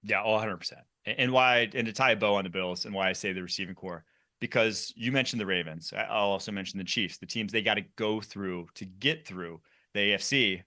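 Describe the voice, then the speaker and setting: Bright-voiced male sports show host. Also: fairly low pitch, a little fast. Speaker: podcast host.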